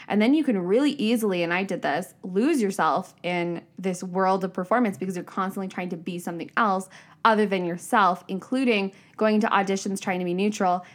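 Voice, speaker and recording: A young woman hosting a solo podcast, talking candidly and casually, with swearing and fillers, lively when she quotes herself. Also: on the low side. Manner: animated, shifting pace, upward bursts when quoting herself. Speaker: podcast host. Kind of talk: reflective solo podcast monologue.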